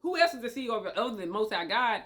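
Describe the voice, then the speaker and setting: Woman, relationship advice monologue, emphatic, repetitive, slightly high voice. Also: big pitch swings, rapid-fire, fairly bright tone. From Tennessee. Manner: emphatic and repetitive, asks okay often. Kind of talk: motivational monologue to camera.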